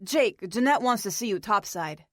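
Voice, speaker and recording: A woman voicing an awkward, apologetic young man, lowering her voice for him in an audiobook reading. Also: lively intonation, normal speed, a bit bright, no echo, clean studio sound. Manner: earnest, sheepish.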